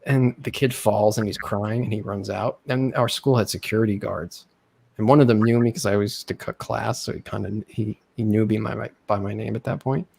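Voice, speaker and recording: Gravelly young man telling stories. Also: on the low side, a little fast. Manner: animated, acts out quoted people with raised voice. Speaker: host. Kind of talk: casual storytelling chat.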